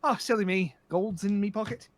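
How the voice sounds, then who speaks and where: A man's voice: high-pitched, moderate pace, dry recording, lightly acted. A man voicing a drunk, boastful male tiefling who just got rich from a heist, with a put-on Irish accent and a jovial, bragging manner.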